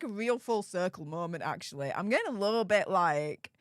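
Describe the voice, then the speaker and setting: Lively woman live-streaming. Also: medium pitch, fairly quick, no echo, studio quality. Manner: animated and chatty, laughs often, repeats herself. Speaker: livestream host. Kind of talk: casual live-stream chat, reading viewer comments.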